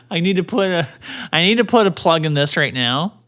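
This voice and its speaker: A man co-hosting a casual podcast, animated, swearing and laughing freely. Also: fairly high pitch. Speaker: podcast co-host.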